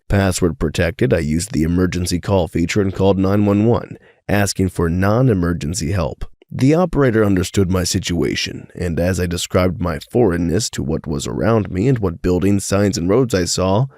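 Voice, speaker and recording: Man, story narrator, deep voice, slightly under the weather, dead dry sound. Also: moderate pace, hardly any pauses, darkish tone, no room sound. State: sick with a cold. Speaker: story reader. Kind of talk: first-person story narration.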